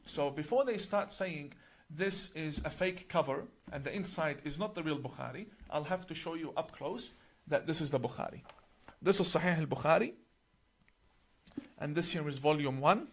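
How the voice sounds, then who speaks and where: Explaining a religious book to the camera, a middle-aged imam speaks with a somewhat raised pitch in an animated, deliberate, emphatic manner. He slows down to stress key words and recites passages in Arabic.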